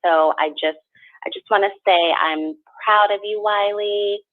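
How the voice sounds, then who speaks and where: A woman's voice: medium pitch, steady tone, measured pace, no room sound. A woman from California with a Valley girl accent calling in and gushing with praise for the hosts. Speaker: caller. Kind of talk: call-in praise. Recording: tinny phone line.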